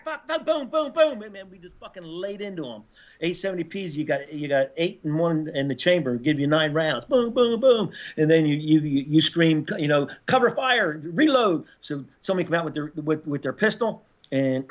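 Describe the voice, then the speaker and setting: A man in his sixties, a former Marine and podcast guest, telling war stories in a casual, profane way and shouting out reenacted orders. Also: fairly high pitch. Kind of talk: casual storytelling interview. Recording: slightly dull podcast audio.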